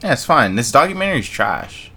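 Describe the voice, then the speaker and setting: A man's voice: medium pitch, sing-song, fairly quick, creaky, bright, forceful tone, husky. A man co-hosting a podcast in casual chat, joking provocatively and swearing. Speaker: podcast co-host.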